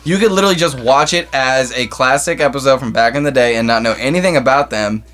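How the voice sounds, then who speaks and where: A man co-hosting a podcast in a studio, playful and animated, swearing often. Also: mid-range voice, quick pace. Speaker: podcast co-host. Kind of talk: casual chat.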